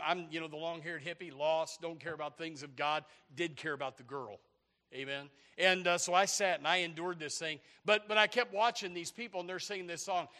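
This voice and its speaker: A man preaching a sermon, animated and repetitive, with rising shouts. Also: fairly high pitch. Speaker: pastor.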